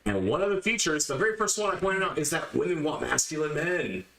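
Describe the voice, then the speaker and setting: A man's voice: on the high side, animated, a little fast, creaky, roomy sound, a loud crowd, low-quality recording. A man hosting a podcast, lecturing his listeners emphatically and hammering his points home by repeating them. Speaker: podcast host. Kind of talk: opinionated podcast monologue.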